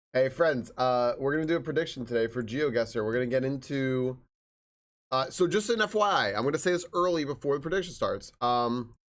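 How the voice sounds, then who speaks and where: A man's voice: medium pitch, lively intonation, normal speed. A young man live-streaming a game, chatting in an upbeat way and greeting his viewers one after another.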